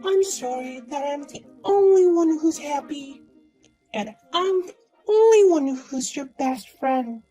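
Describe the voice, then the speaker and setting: A woman's voice: high-pitched, expressive, slow pace, warm tone, low-quality recording. A woman voicing a smug, boastful young woman who taunts and mocks in a sing-song way. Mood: smug taunting. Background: faint music.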